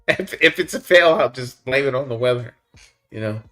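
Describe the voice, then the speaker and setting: A man's voice: medium pitch, moderate pace, pushed and bright, faint music behind. Laid-back man chatting on a livestream. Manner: laid-back, chuckles often, says "man" and "buddy" a lot. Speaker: livestream host reading chat. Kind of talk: casual live-stream chat.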